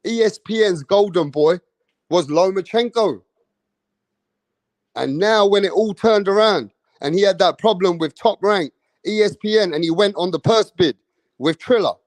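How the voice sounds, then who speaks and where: A man giving casual boxing commentary, excitable and slangy, repeating himself for emphasis. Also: high voice, normal speed, dry recording.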